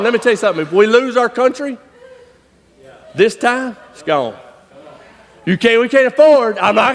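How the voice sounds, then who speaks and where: Man, animated folksy sermon storyteller, high voice, reverb from a big hall. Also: normal speed. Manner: folksy, animated, laughing, bursts of shouting. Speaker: conference speaker. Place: large church hall.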